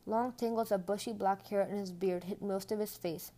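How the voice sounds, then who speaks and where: A woman reading a children's storybook aloud in a gentle, hushed manner. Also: medium pitch, fairly even intonation, moderate pace. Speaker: audiobook reader. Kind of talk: storybook narration.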